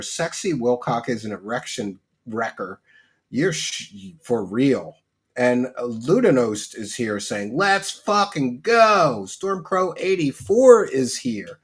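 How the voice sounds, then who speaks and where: Hosting a livestream, a man with a husky, medium-pitched voice reads chat aloud. He jokes around with mock rants and laughs easily.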